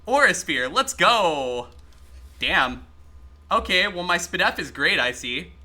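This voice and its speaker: A man streaming a game live, chatting excitably with his viewers and swearing freely as he plays. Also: sits high, slow pace. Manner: talks to chat while playing. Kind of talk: casual live-stream gaming commentary.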